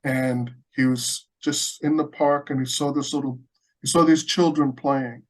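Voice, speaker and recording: A man's voice: mid-range voice, steady tone, unhurried, low-quality recording. A man from the United States, a Buddhist practitioner, telling a story in a conversational interview with earnest animation and frequent restarts.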